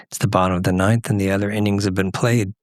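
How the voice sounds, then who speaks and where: A man hosting a podcast, asking measured, thoughtful questions. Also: lowish voice, flat delivery, no room sound, studio quality. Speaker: podcast host. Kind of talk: podcast conversation.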